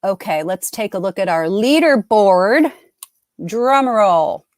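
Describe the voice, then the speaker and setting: Very animated yet measured in pace, this middle-aged woman's mid-range voice is a little mellow, recorded studio quality with no room sound. She hosts live trivia, chatting upbeat and casually while often cutting herself off.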